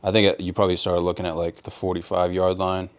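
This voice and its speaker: Chill young guy hosting a podcast, low deep voice, keeps saying dude, cracks himself up. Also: little pitch movement, fast talker, clear, resonant tone. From Rhode Island. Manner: laid-back, says "dude" a lot, laughs hard. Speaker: podcast host. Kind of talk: casual chat.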